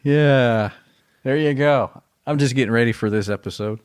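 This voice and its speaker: A man's voice: medium pitch, normal speed, smooth. A man co-hosting a podcast in casual chat, joking with brief banter replies. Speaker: podcast co-host.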